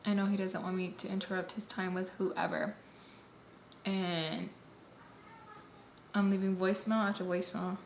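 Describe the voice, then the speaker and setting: A woman's voice: mid-range voice, little pitch movement, moderate pace, long pauses. A woman telling a storytime on her vlog, emphatic and candid, swearing bluntly as she recounts events. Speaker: vlogger. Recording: roomy echo, faint background noise.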